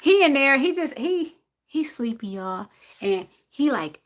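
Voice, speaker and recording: A woman's voice: high-pitched, big pitch swings, unhurried, a bit bright. A woman from City, chatting casually on a livestream with her viewers and her dog. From Jersey City, USA. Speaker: livestream host. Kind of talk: casual live-stream chat.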